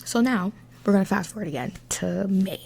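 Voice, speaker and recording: A young woman telling a dramatic storytime in a casual, animated way, swearing freely. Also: mid-range voice, a little fast, vocal fry, husky. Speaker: vlogger.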